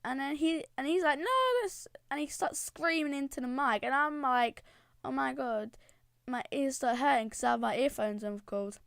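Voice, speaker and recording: A woman excitedly rambling through a casual gaming storytime. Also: high-pitched, fairly quick, few pauses, dry recording, clean studio sound. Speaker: channel creator.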